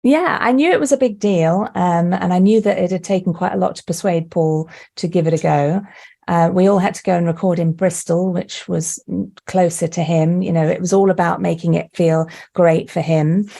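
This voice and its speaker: Woman guest, mid-low voice with gravelly fry, animated storyteller who laughs a lot. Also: normal speed. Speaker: guest, actor and director. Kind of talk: podcast interview chat. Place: remote call, not with the hosts.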